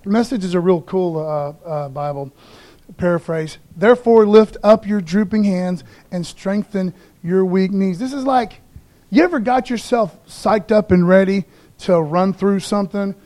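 A man's voice: high-pitched, measured pace, mellow. A man preaching a casual, folksy sermon in a church, talking informally to the congregation with jokes and lots of "man" and "you know.". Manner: jokey asides to the congregation. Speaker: pastor. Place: church sanctuary.

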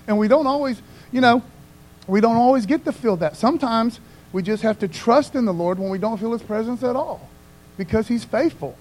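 A man with a high voice preaches in a relaxed, conversational way. He keeps checking in with his listeners and tags his sentences with "man". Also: a little fast, low-quality recording. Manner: casual, repeats "man" and "you know what I mean". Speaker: pastor. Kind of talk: casual conversational sermon.

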